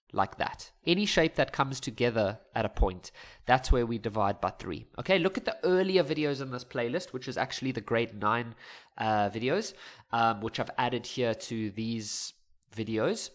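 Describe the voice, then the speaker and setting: A young man teaching a casual maths lesson, chatty and joking, laughing at his own slips as he works through exam questions. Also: medium pitch. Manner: chatty, jokes and laughs at himself. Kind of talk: casual maths lesson over worked examples.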